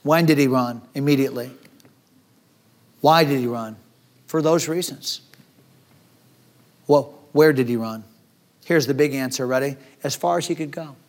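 A man's voice: mid-range voice, measured pace, long pauses. A man preaching a sermon as pastor, acting out the despairing words of the people in his story. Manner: dramatic, acts out despairing voices.

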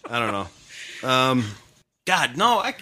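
A man from New England co-hosting a podcast, loud, profane and self-mocking, often breaking into laughter. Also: medium pitch, big pitch swings, slow. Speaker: podcast co-host. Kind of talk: casual podcast banter.

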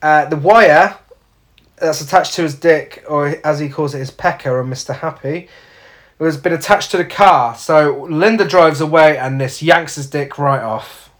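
A man's voice: fairly high pitch, a little slow. A man, casually recapping a film's plot with sweary, sardonic asides. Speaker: podcast co-host. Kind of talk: casual film review chat.

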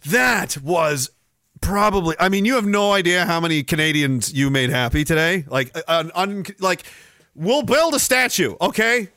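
A man hosting a livestreamed podcast, ranting casually with sarcasm, heavy swearing and bursts of loud laughter. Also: sits high, lively intonation, normal speed, dry recording, clean studio sound. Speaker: podcast host.

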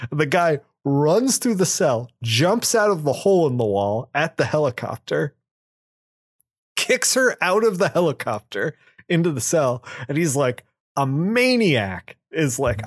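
A man co-hosting a comic book podcast, casually retelling a plot and slipping into quick voices for the characters. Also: mid-range voice, expressive, no room sound, clean studio sound. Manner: acts out quotes in quick voices.

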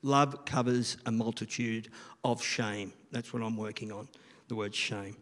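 A man's voice: on the low side, fairly even intonation, unhurried, fairly bright tone. A middle-aged man, giving a rambling, chatty sermon and often asking the listeners questions. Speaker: children's church leader. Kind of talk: informal sermon. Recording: long reverb of a large room.

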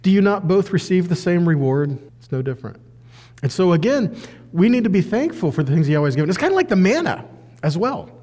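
A man teaching a conversational sermon, animated and acting out the people in the story. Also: high voice, brisk, big-room sound. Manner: animated, acts out quoted voices. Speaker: bible teacher.

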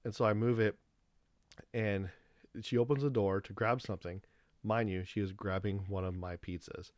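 A man hosting a podcast alone, telling a rambling story in a casual, animated way and acting out the dialogue. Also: fairly low pitch, moderate pace, dry recording. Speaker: podcast host.

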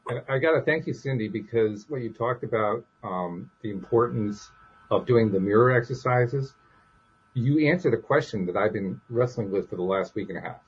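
A man with a very raspy, breathy voice speaks openly and candidly as a podcast host. His audio sounds dull and lo-fi. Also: medium pitch, moderate pace. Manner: open, confessional, many restarts. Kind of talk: casual chat.

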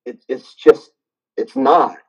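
A man's voice: slow pace, darkish tone. A middle-aged man, a gym owner, telling stories animatedly as a guest in a casual interview and laughing often. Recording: dull lo-fi sound.

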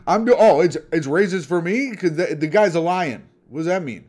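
A man's voice: fairly high pitch, lively intonation, moderate pace, darkish tone. A man co-hosting a podcast, chatting casually with crude jokes and put-on voices. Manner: crude, joking, puts on silly voices. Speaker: podcast co-host. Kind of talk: casual comedic chat.

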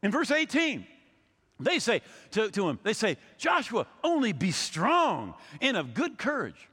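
A man's voice: high-pitched, huge pitch swings, a little slow, bright, forceful tone, breathy edge, big-room sound. A man in his sixties, a pastor preaching a sermon, telling stories and acting out the people he quotes, often repeating his words as he goes. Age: 60s.

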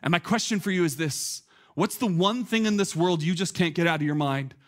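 A man in his thirties preaching a sermon as a pastor, conversational and animated, full of filler words, climbing toward near shouts. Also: sits high, fairly quick.

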